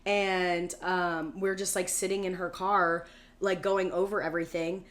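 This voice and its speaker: A woman's voice: on the low side, little pitch movement, measured pace, fairly bright tone. Chatty woman in her thirties telling a story. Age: 30s. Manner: storytelling with many "like" fillers and quoted voices. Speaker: podcast co-host. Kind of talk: casual chat.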